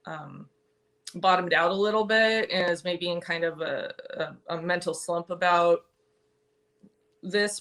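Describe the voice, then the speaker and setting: A woman giving a live-stream tarot reading, thoughtful and halting, with many pauses and restarts. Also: fairly low pitch, fairly bright tone. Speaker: tarot reader.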